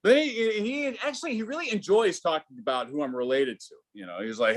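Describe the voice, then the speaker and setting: A man doing a stand-up set over a video call, halting with many fillers and restarts. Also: fairly high pitch. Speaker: stand-up comic.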